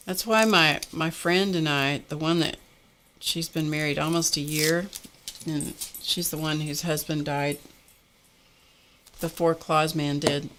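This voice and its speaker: A woman's voice: deep voice, fairly bright tone, a little hiss or hum. A woman hosting a casual art live stream, chatting while she works and laughing often. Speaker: art livestream host.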